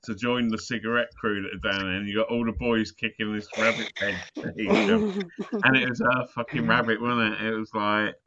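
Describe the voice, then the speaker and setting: A man's voice: lowish voice, moderate pace, sharp tone. A man rambling through school memories in a casual chat, laughing and swearing as he talks. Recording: muffled sound.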